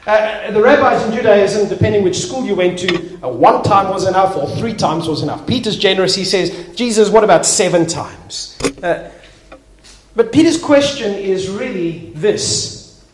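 A man's voice: sits high, moderate pace. A man preaching a sermon as a pastor, acting out little everyday scenes as he tells them. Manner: animated storyteller acting out little scenes, with some restarts. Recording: echoey hall, faint noise.

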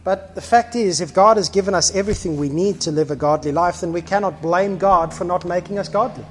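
A man preaching a sermon as pastor, animated, acting out little scenes and swinging between quiet and loud. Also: high voice, brisk, hardly any pauses, in a large hall, a little hiss or hum. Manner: animated, acts out little scenes with shifting volume.

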